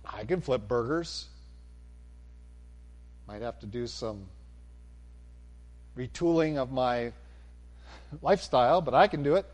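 A man preaching a sermon, animated, swinging from near-shouts down to a calm, low delivery. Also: takes it slowly, pauses often.

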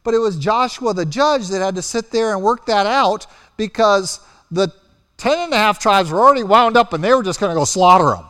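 A man preaching a sermon, telling the story with animated delivery and acting out quotes as he goes. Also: high-pitched, big-room sound.

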